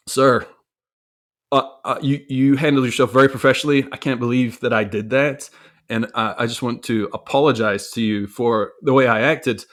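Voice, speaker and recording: In a mid-range voice with a fairly bright tone, a man openly reflects on a mistake of his own. His storytelling is conversational, full of restarts and repeated words.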